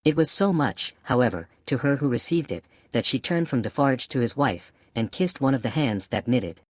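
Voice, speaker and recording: A man reading a classic novel aloud as an audiobook narrator, in a steady, even manner. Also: medium pitch, moderate pace, no room sound, studio quality. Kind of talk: scripted narration.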